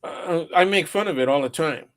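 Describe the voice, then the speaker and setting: A man's voice: a little high, normal speed, a bit bright. A man talking casually as an academic guest, hesitant, with many fillers. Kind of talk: casual conversation.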